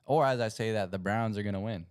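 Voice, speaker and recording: Young male host with a low, resonant voice, chatty and self-correcting on a home livestream. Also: fast talker, a little mellow, smooth, dry recording, studio quality. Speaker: podcast host. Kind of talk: casual livestream chat. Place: home setup at a computer.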